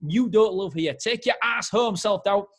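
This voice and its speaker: A man imitating a brash, profane male comedian who is loudly telling self-doubt to leave. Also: high-pitched, moderate pace, pitched above the performer's own voice. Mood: defiant. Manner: loud, defiant, profane.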